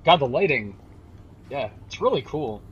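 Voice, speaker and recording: A man's voice: mid-range voice, sing-song, moderate pace, fairly bright tone, a little hiss or hum. A man giving jokey, sarcastic commentary while streaming a video game. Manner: jokey, sarcastic, laughs often. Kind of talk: casual gameplay commentary. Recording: dull lo-fi stream audio.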